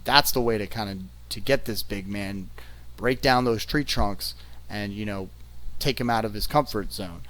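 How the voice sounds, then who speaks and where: A man's voice: mid-range voice, fairly bright tone. Rambling man recapping wrestling matches. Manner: rambling, filler-heavy, checks in with "okay?"; laughs between points. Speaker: wrestling reviewer. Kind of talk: casual play-by-play recap.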